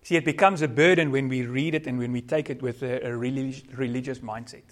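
Male pastor, South African accent, earnest sermon delivery, mid-pitched voice. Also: steady tone, a little fast. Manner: earnest preaching, code-switching, varied loudness.

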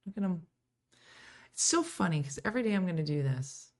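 A middle-aged woman hosting a casual live-streamed morning chat, swinging from quiet asides to loud exclaiming. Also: lowish voice, very animated, brisk. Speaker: morning show host.

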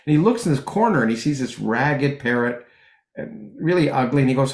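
A middle-aged man, a physicist guest in an interview, talking in long rambling stretches full of restarts and lively anecdotes. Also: mid-range voice, fairly quick, vocal fry, echoey room. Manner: rambling with many restarts, animated when telling jokes. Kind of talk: conversational interview, anecdotal storytelling.

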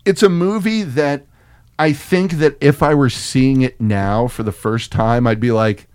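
A man's voice: medium pitch, a little slow, clear, resonant tone, no room sound. A middle-aged man from Texas co-hosting a podcast, telling stories in casual, profane chat. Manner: profane, animated storytelling. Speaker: podcast co-host.

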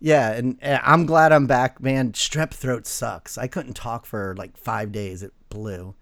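A man's voice: medium pitch, steady tone, slow, gravelly, fairly bright tone. A man hosting a fantasy football podcast in a casual, easygoing way, laughing often. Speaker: podcast host.

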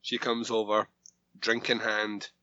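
A man's voice: lowish voice, completely flat delivery, slow, bright, forceful tone, dry recording, lo-fi sound. A man co-hosting a podcast, recapping an episode with jokes and mock indignation. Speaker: podcast co-host.

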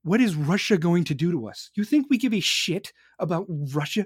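Fired-up young guy cursing through a political rant, slightly high voice, dry close mic. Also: animated, a little fast, few pauses, husky, dry recording. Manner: profane, heated, emphatic. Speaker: podcast host.

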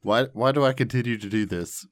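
A woman's voice: extremely low pitch, brisk. A young woman co-hosting a podcast in casual chat, teasing dryly and cracking jokes. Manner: joking, dry teasing. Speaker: podcast co-host.

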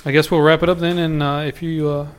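A man with a somewhat higher voice chats easily with his friends. He laughs often and gives short, relaxed replies in a podcast setting. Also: fast, smooth. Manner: easygoing, laughing, brief replies. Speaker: podcast co-host. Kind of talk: casual chat among friends.

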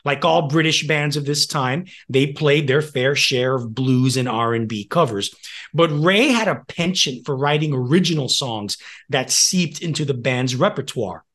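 A man's voice: mid-range voice, measured pace, fairly bright tone. A man co-hosting a music history podcast, reading prepared notes with casual asides and the odd laugh. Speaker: podcast co-host.

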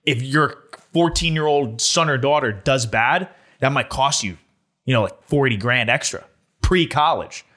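Bright-voiced young man in loose chat. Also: mid-range voice, lively intonation, measured pace. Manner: loose, swearing, full of "like". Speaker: podcast co-host. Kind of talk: casual podcast chat.

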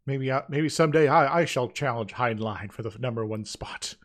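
Podcast co-host, male, mid pitch, hesitant and chuckly. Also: moderate pace, a bit bright. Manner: hesitant, many uhs and restarts, chuckles often. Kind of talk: casual podcast discussion.

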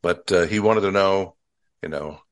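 An older man hosting a relaxed interview, telling wry stories with rambling asides. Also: low-pitched, normal speed. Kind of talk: casual conversational interview.

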